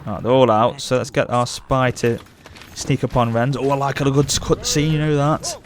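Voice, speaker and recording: A young man commenting on his strategy game as a let's play host, gushing with excitement. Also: medium pitch, moderate pace. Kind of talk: gameplay commentary.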